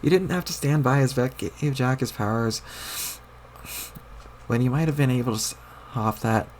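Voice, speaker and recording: A man's voice: medium pitch, normal speed, darkish tone, a little hiss or hum, lightly acted. A man reading a webcomic aloud, putting on the voice of a bossy, exasperated young girl who scolds and swears. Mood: scolding.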